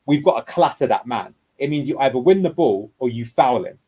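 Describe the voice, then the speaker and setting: Husky man breaking down match clips. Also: medium pitch, expressive, brisk, darkish tone, low-quality recording. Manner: explanatory, walks through clips step by step. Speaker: guest football analyst. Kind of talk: tactical video breakdown.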